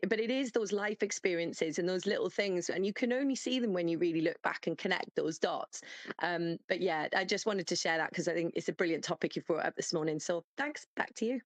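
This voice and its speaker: A woman's voice: on the low side, no echo. A woman calling in to a group chat, telling a story in a rambling, amused way with many fillers. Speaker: caller. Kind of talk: casual storytelling.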